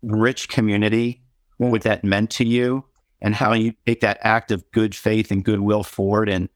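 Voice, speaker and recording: Male questioner, low voice, earnest, dry video-call sound. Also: little pitch movement, moderate pace, no room sound. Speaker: audience member asking a question. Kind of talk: asking a question in an online interview.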